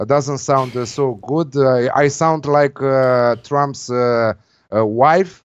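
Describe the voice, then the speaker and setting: A man's voice: mid-range voice, steady tone, takes it slowly, smooth, dull audio. A man with a Russian accent, a betting tipster speaking hesitantly with many fillers in a casual panel chat.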